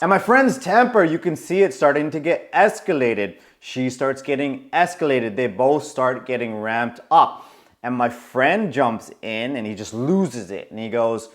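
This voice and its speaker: Animated storytelling man in his forties. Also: mid-range voice, measured pace. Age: 40s. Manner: animated, acts out quoted voices. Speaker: coach. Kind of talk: casual storytelling to camera.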